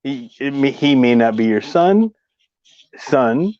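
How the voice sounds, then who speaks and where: A man from California co-hosting a casual livestream chat, blunt and profane, telling animated stories. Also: medium pitch, slow pace, smooth, no echo, muffled recording.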